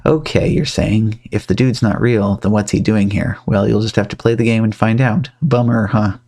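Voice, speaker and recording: A man's voice: on the low side, steady tone, normal speed, mellow. A man playing through a game on a stream, chatty and joking as he reads on-screen text. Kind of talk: let's-play commentary.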